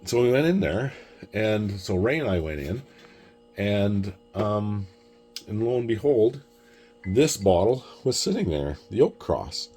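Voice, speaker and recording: Deep-voiced man chatting casually. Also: sing-song, measured pace, darkish tone, breathy edge. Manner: rambling, repeats words, acts out dialogue. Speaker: whisky collector vlogger. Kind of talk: casual chat.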